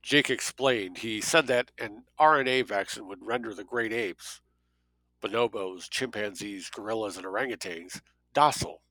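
A man narrating a novel in a steady, plain storytelling voice. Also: lowish voice, normal speed, dry recording, poor audio. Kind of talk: audiobook narration.

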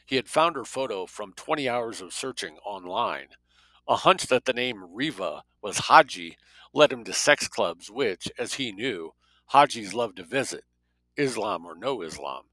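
A man narrating a story as an audiobook reader, with a steady, measured delivery. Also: mid-range voice, no room sound, rough recording.

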